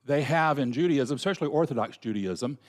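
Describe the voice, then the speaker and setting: A man's voice: mid-range voice, lively intonation, brisk. A middle-aged man with a Southern US accent giving an earnest, folksy, conversational sermon with asides. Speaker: minister.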